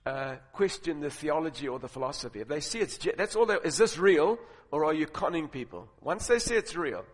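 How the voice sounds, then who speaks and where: A man preaching a sermon, telling stories and building to loud, emphatic points. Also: a little high, lively intonation, a little fast. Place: large auditorium with audience. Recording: long reverb of a large hall.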